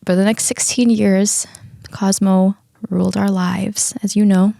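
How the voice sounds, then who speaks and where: A woman's voice: mid-range voice, little pitch movement, measured pace, gravelly, mellow, no echo, studio quality. A young woman hosting a podcast, casually telling a personal story, candid, swearing freely and laughing often. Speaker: podcast host.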